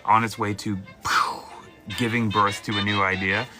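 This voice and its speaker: Playful low-voiced man reading tarot. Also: brisk, music in the background. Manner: animated, playful, jumps into mock voices. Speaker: tarot reader host. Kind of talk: live-stream tarot reading, casual chat.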